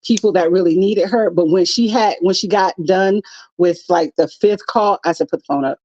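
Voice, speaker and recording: A woman's voice: mid-range voice, steady tone, moderate pace, a little mellow, no room sound, highs cut off. A middle-aged woman co-hosting a live chat show, talking in a direct, matter-of-fact way. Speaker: co-host.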